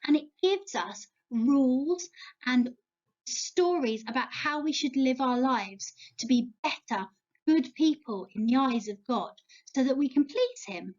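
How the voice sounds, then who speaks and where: A woman's voice: sits high, dull audio. A woman with an English accent leading a Bible lesson for young children, playful and encouraging, asking them to join in. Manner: animated, slow and playful, speaking to young children. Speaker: children's church leader. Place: church setting, home video.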